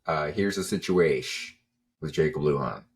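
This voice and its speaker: Laid-back deep-voiced man, podcast guest. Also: normal speed, breathy edge. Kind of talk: casual chat.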